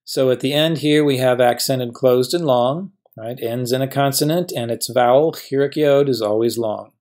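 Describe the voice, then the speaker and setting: A man's voice: medium pitch, normal speed, darkish tone. A man teaching a grammar lesson as a professor, patiently walking through each example and asking and answering his own questions.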